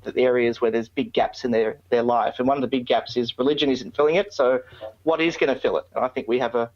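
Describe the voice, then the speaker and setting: A man's voice: medium pitch, fairly even intonation, fast. A man with an Australian accent, a podcast guest chatting in an earnest, thoughtful way with frequent restarts. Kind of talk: casual chat. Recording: dull, lo-fi remote audio.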